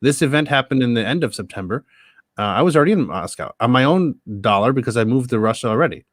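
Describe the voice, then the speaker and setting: A man speaks in a loose, chatty way, laughing easily and restarting his sentences mid-thought. He comes through a video call with a dry, close sound, and his pitch is middling. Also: expressive, fast talker, no echo. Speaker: panel guest, copy editor. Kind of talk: casual chat.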